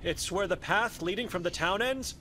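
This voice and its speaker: An actor playing an earnest monk investigator in a video game, asking polite, gently probing questions. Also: male voice, sits high, normal speed, slight background noise. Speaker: game character.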